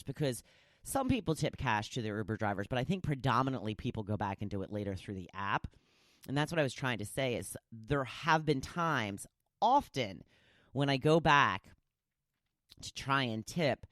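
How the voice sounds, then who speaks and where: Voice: mid-range voice, fairly bright tone, no room sound, clean studio sound. A podcast host talking casually on their own, rambling from one story to the next with lots of asides. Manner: chatty and rambling, with many asides. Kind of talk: casual solo podcast chat.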